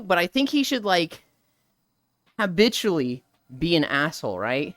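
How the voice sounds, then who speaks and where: Ranting about a game's story, this young woman streamer swears freely in an animated, casual live-stream chat. She speaks at a moderate pace in a lowish voice, and the recording is dry.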